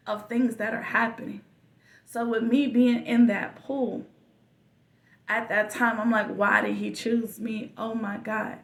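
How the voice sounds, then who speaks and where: A woman hosting a podcast, telling a personal story in a slow, reflective way with soft whispered asides. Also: on the high side, creaky, recorded from a distance. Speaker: podcast host. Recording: echoey room, voice a bit off-mic.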